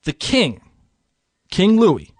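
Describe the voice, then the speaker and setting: A man's voice: high-pitched, extremely slow, no echo. A man co-hosting a podcast, explaining history in a casual, chatty way. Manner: chatty, lively, slips into mock voices for laughs. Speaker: podcast co-host.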